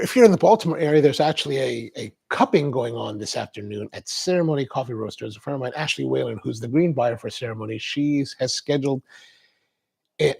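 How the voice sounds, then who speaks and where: A gravelly, husky-voiced man hosts a coffee livestream in a loose, rambling way. He chats casually and reacts to viewer comments as they come in, at a middle pitch. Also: darkish tone.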